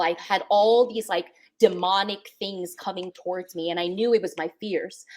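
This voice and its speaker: A young woman co-hosting a spiritual podcast, talking earnestly and emotionally, often repeating words for emphasis. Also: mid-range voice. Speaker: podcast co-host. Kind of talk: heartfelt spiritual podcast chat.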